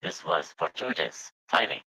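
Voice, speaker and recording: A man's voice: sits low, animated, moderate pace, bright, forceful tone, husky, no room sound, heavily acted, rough recording. A man voicing a formal, polite robot companion through a robot voice modulator, speaking in clipped machine phrases. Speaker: player. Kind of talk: voicing a character in a tabletop game.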